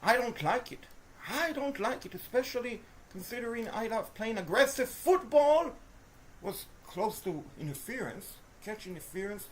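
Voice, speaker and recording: A woman commentating her own video game play, swinging between frustrated groans and shouted cheers, talking to the players and to her viewers. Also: fairly high pitch, animated, moderate pace. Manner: talks to the players and to viewers as folks. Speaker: gaming video host. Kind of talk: live gameplay commentary.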